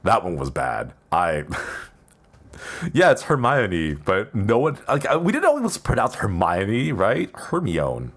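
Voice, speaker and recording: A man's voice: fairly low pitch, wildly swooping pitch, slow pace. A man streaming casually, rambling in a playful way and laughing often; English is not his first language. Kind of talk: casual live-stream chat.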